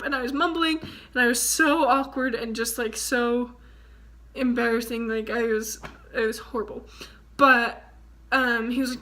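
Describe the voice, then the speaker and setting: A woman's voice: sits high, normal speed. A young woman vlogger telling a story casually to the camera, chatty and full of "like". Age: young adult. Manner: chatty, fillers of "like", animated retelling.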